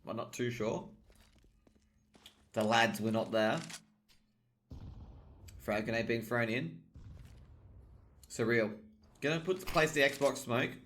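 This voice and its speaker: A man's voice: medium pitch, fairly even intonation, a bit bright, slight background noise. A man casting a competitive shooter match live, calling rounds play by play and lifting sharply on kills. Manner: rapid call-outs that lift sharply on kills. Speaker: esports caster. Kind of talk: play-by-play game commentary.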